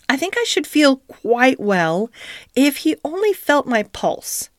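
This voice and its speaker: A woman's voice: sits high, sing-song, slow pace, no echo, clean studio sound, voice pushed up, full character voice. A woman voicing a fretful, genteel female dog in a storybook reading. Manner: worried, fussy storytelling voice.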